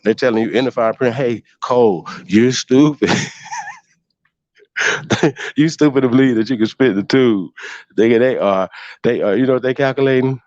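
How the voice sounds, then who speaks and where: A man's voice: mid-range voice, moderate pace, long pauses, a little mellow, no room sound, muffled recording. A man hosting a casual livestream, mocking and profane, laughing often. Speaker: host.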